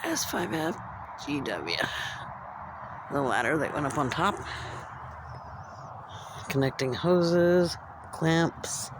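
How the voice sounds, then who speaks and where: A woman from Central California vlogging on a handheld phone outdoors at a train station after dark, musing aloud as she describes what she sees. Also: low-pitched, sing-song, slow, long pauses, noisy background. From Central California, United States. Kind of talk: casual walking vlog, narrating what she sees.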